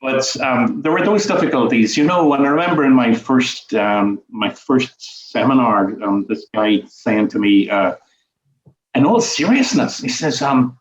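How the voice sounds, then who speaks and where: An older Northern Irish man talks through his memories at an unhurried, meandering pace, full of "you know"s and small chuckles. He sounds far from the mic, in an echoey room, with a muffled, lo-fi quality to the recording. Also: mid-range voice, lively intonation. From Northern Ireland. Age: 70s. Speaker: guest, former teacher and writer. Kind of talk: reflective conversational interview. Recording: distant, roomy, dull lo-fi sound.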